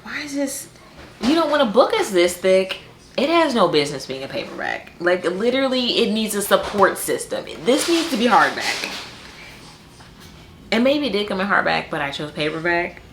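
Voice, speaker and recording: A woman's voice: medium pitch, sing-song, normal speed, slight background noise. A woman hosting a book vlog, chatting casually to camera with playful, exasperated humor and frequent laughter. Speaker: book vlogger host.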